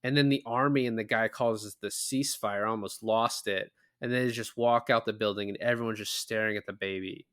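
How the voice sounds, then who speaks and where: A man's voice: lowish voice, steady tone, a little fast, few pauses, fairly bright tone, smooth, no echo, clean studio sound. A man co-hosting a movie review podcast, chatting casually and animatedly with lots of fillers and the odd swear word. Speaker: podcast co-host.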